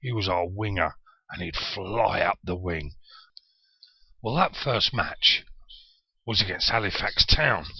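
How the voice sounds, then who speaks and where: A man's voice: low-pitched, moderate pace, no room sound. A middle-aged man with a Yorkshire accent telling a personal story, fondly and with animation. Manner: fond, animated reminiscing. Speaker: vlogger. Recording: dull lo-fi dry recording.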